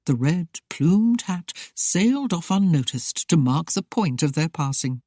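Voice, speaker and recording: An audiobook narrator reading a historical romance in a steady, even way. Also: mid-range voice, measured pace, no room sound, clean studio sound.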